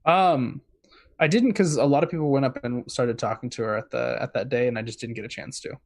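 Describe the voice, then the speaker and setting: A man's voice: mid-range voice, fairly quick, no room sound, clean studio sound. A man in a casual chat as a guest correspondent, rambling with many fillers.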